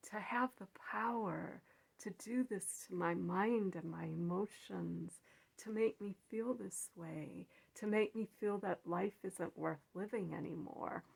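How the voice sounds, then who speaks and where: A woman in a personal reflective monologue, speaking haltingly with restarts and sometimes dropping to a soft near-whisper. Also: lowish voice, vocal fry, breathy edge. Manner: halting, with repeated words and restarts. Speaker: vlogger.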